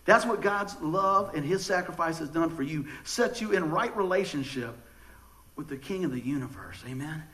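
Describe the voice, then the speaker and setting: A man's voice: on the high side, animated, normal speed, pushed and bright, rough recording. A man preaching a casual sermon, telling jokey stories with many stammered restarts. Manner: folksy, joking storyteller with stammered restarts. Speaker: pastor.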